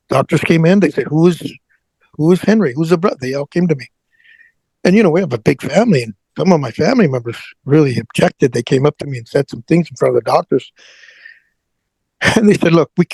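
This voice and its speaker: Middle-aged male interview guest, raspy and gravelly, halting and repetitive storyteller, dry close sound. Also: fairly high pitch, darkish tone, dry recording, rough recording. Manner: halting, repeats words, prays aloud in retelling. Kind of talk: emotional personal storytelling.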